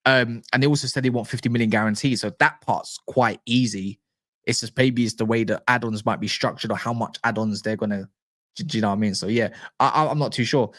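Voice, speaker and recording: Man, animated livestream host; mid pitch, dry close sound. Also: no room sound. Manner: animated, slangy, quick restarts, stumbles over names. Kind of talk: casual livestream chat reading live comments.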